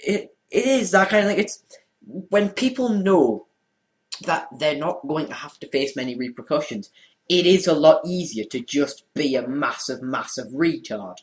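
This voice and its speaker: A man's voice: fairly high pitch, expressive, moderate pace. A teenage boy co-hosting a casual podcast, joking and rambling. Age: teens. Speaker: co-host.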